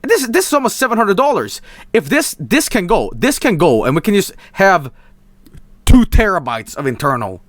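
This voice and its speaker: A young man with a Swedish accent chats on a live stream, his pitch sitting a bit high and bouncing wildly. He is excitable and swears freely, dropping to mumbles before bursting into shouts. The sound is dry and close. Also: moderate pace, no echo. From Sweden. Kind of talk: casual live-stream chat.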